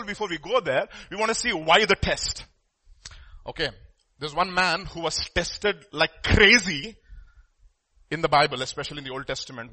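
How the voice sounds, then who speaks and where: Animated male preacher. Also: sits high. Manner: animated, acts out quoted voices, repeats words. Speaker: pastor. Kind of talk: sermon.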